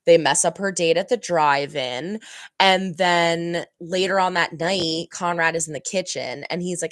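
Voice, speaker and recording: A woman with a low voice recaps an episode in a loose, casual way, often stopping to fix her own details. The sound is dry and close, with no room echo. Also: unhurried. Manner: chatty, rambling, self-correcting. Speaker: reaction channel host.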